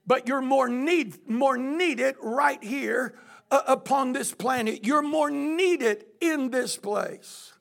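A man preaching a sermon, often shouting as his intensity rises. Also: very high voice, slow, vocal fry. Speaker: pastor.

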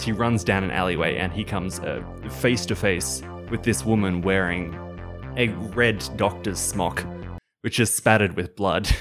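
A man with an Australian accent narrating a tabletop game as game master, casual and full of fillers. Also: deep voice. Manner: casual, filler-heavy storytelling.

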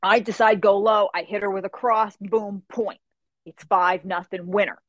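A young woman telling a story in an animated way, acting out the people in it and swearing casually. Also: mid-range voice, moderate pace, no room sound, muffled recording. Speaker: guest.

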